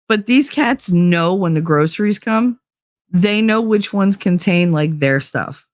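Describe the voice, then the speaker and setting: A woman's voice: lowish voice, animated, measured pace, no room sound, studio quality. A woman hosting a casual livestream, chatting loosely, greeting viewers by name and swearing freely. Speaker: livestream host.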